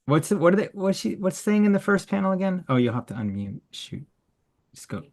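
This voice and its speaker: Gravelly encouraging man hosting workshop. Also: sits high, sing-song, brisk, darkish tone. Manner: enthusiastic, encouraging. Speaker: workshop host. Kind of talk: online workshop feedback. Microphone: video call.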